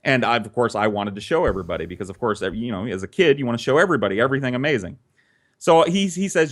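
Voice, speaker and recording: A man spins a childhood tale in loose, chatty fashion, cursing freely as he goes. His voice sits at a middle pitch for a man, and he animates the story with shifting energy. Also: very fast. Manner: profane, conversational, animated. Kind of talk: casual storytelling.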